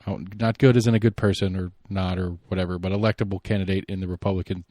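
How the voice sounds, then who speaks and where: A man hosting a solo podcast, giving rambling, opinionated political commentary and thinking out loud. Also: low-pitched, fairly even intonation, fast, dry recording, clean studio sound. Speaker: podcast host.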